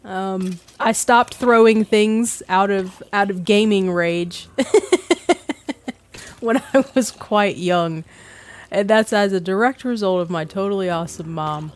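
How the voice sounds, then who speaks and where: A woman's voice: medium pitch, a little slow. A woman hosting a gaming let's play, chatting casually and self-deprecatingly as she plays, laughing often. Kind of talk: casual gameplay commentary.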